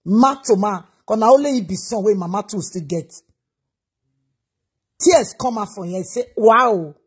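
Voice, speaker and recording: A woman's voice: medium pitch, expressive, unhurried, slightly rough. A Nigerian woman giving a reaction vlog, lecturing in a preachy way and repeating her advice over and over. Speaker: commentator.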